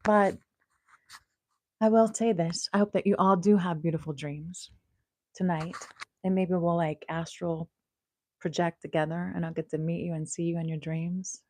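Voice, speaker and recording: A young woman hosting a casual home livestream, chatting playfully and drifting into soft murmurs, recorded on a small clip-on mic. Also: fairly low pitch, steady tone, normal speed, pauses often. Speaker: host.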